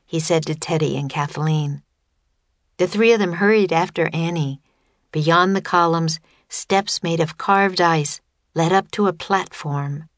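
A woman reading a children's chapter book aloud as narrator, measured and even, close to the mic. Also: deep voice, dry recording. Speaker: audiobook narrator. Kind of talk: scripted narration.

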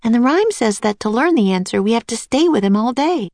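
A woman reading aloud, voicing an eager, excited little girl in a storybook. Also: a little high, a little fast, no echo, pitched above the performer's own voice.

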